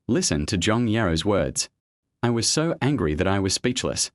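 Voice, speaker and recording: A man narrating a web comic recap in a steady first-person storytelling manner. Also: fairly low pitch, moderate pace, no room sound, studio quality.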